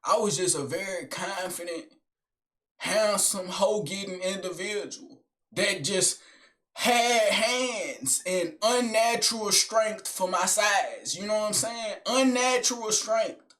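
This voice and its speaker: A young man telling a story in animated, slangy street talk, full of tags like "son" and "gang", with low mumbled asides. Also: slow. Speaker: vlogger. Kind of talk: casual storytelling monologue.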